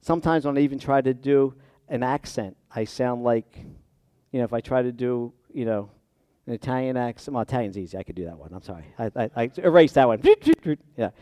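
A middle-aged man preaching in a conversational way, rising to loud emphatic peaks and dropping to quiet asides. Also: mid-range voice, fairly quick, dry recording, studio quality. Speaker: pastor. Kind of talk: sermon.

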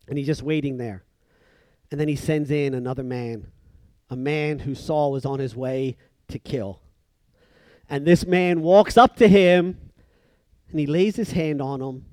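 Man, preacher, sermon; somewhat high voice, dry close sound, acts out the story's speakers, drops from emphatic to hushed. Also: moderate pace, no room sound. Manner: swings from loud emphatic bursts to soft hushed lines.

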